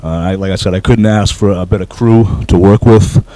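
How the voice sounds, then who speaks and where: A very low, mellow-voiced man speaks as a guest in an interview. He talks about his work humbly, with frequent fillers and restarts. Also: steady tone, normal speed, low-quality recording. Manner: humble, hesitant with many fillers. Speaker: actor guest. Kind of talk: casual interview.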